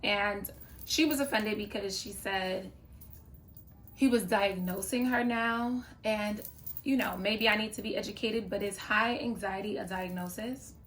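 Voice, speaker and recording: A woman's voice: medium pitch, unhurried, a bit bright, soft background music. A woman talking to camera in a casual reaction vlog, chatty and opinionated, with playful asides. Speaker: YouTuber reviewing a reality show.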